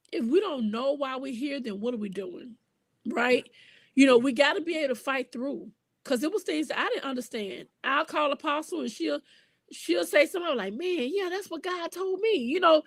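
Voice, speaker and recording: High-voiced woman, lively faith-show host. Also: no echo. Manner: animated, repeats words, folksy. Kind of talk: casual faith talk.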